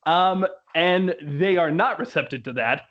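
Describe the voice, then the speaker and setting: Young man, casual review chat, somewhat high voice, laughs a lot, dull lo-fi sound. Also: unhurried, fairly bright tone. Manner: laughs often, quotes lines in put-on voices. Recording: dull lo-fi recording.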